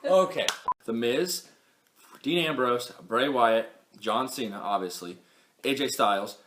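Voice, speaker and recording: A man's voice: mid-range voice, a little slow, a bit bright, roomy sound, a little hiss or hum. A young man hosting a casual wrestling recap vlog, chatty and rambling, stumbling over words and correcting himself. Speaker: wrestling show recap host.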